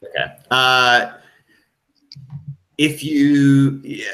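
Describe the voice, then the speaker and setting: A man's voice: medium pitch, extremely slow, bright, forceful tone. A man narrating as game master of a tabletop horror game, hesitant, with many ums and restarts.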